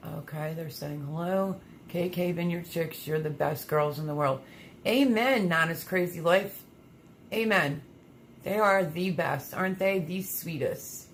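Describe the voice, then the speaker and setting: A woman's voice: sits low, slight background noise. A woman hosting a casual gardening livestream, chatting and reading viewer comments aloud with lots of fillers. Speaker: livestream host reading chat.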